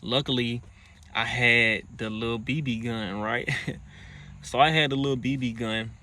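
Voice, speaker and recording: A man's voice: mid-range voice, fairly even intonation, a little slow, pushed and bright, a little hiss or hum. A man casually recounting a personal story in profane slang, acting out quoted lines in a raised voice. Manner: profane slang-heavy talk.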